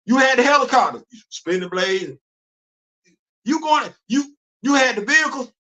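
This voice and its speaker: A middle-aged man hosting a casual solo livestream, animated, repeating himself and quizzing himself in asides. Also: extremely high pitch, moderate pace. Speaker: host. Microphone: livestream studio setup.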